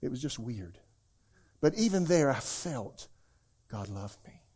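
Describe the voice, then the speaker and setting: A male pastor preaching a sermon in church to a live congregation, swinging between loud, emphatic exclamations and hushed, near-whispered asides. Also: mid-range voice, sing-song, unhurried, slightly rough.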